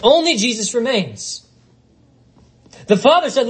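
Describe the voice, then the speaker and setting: A man's voice: high voice, expressive, moderate pace, pauses often, slightly rough, poor audio. A man preaching a sermon, reading scripture aloud and working through it with rhetorical questions. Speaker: pastor.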